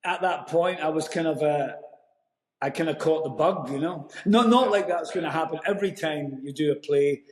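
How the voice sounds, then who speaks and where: A Scottish man, an actor, telling a story in a casual interview, lively and full of restarts. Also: on the high side, normal speed. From Scotland. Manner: animated storyteller, many restarts. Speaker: actor guest. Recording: roomy echo.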